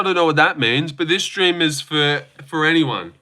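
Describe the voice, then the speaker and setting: A man's voice: on the high side, moderate pace, pushed and bright. A young man hosting a casual live stream from his phone, joking, swearing now and then and answering chat comments.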